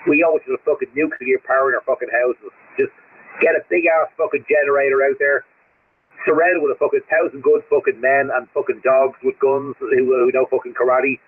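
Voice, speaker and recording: A man's voice: medium pitch, fairly even intonation, fairly quick, breathy edge. Swearing Australian man ranting over CB radio. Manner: blunt, swears constantly, ranting. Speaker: CB radio operator. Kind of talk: profane radio chat. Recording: tinny radio line with faint noise.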